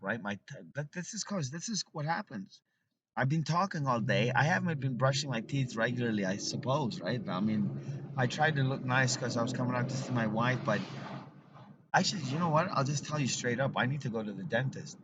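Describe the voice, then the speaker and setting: A man's voice: mid-range voice, a bit bright. A man in a casual vlog, rambling and swearing often, trailing off and restarting his sentences, recorded on a phone outdoors. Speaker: vlogger. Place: outdoors with his wife and dog. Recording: slightly dull lo-fi sound with faint noise.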